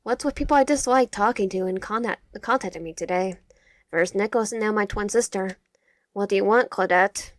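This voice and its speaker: A woman's voice: medium pitch, a little fast, dry recording. Woman reading a dating game aloud, dry sound. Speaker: gamer.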